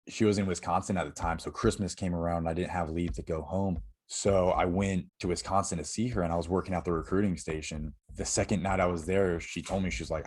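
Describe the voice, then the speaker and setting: A young man from Florida, a podcast guest, candidly telling a personal story with halting restarts and many fillers. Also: sits low, steady tone, a little mellow.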